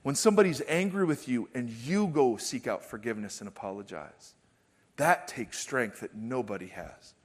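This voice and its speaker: A middle-aged man preaching a sermon, swinging from loud, emphatic declarations to hushed, intimate storytelling. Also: mid-range voice, expressive, normal speed. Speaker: pastor.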